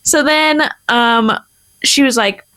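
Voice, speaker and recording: A young woman co-hosting a podcast, telling a family story in a casual, animated way with lots of fillers. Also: fairly high pitch, takes it slowly. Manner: animated, acts out quoted people, many fillers. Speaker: podcast co-host.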